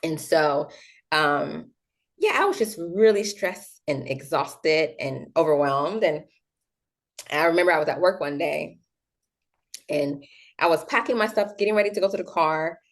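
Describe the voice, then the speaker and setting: A woman's voice: low-pitched, measured pace. A young adult woman, a guest in a casual interview, telling her story with many fillers and acting out the voices of others. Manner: animated, acts out quoted voices, many fillers.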